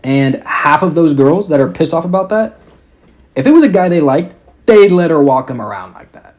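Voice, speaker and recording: A man's voice: on the high side, big pitch swings, moderate pace, a little mellow. A young man hosting a podcast, ranting casually in a mocking, exasperated way and swearing constantly. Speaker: podcast host. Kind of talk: casual rant.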